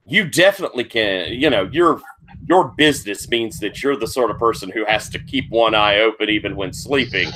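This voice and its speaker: Bright-voiced man running a tabletop game. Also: on the low side, expressive, moderate pace, slight background noise. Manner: descriptive, improvising with many fillers. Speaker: game master.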